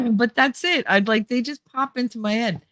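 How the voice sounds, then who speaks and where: A woman's voice: fairly high pitch, moderate pace, a bit bright, no echo. A woman with a New Jersey accent chatting casually on a livestream, rambling and laughing often, a little nasal from a stuffy nose. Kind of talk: casual chat.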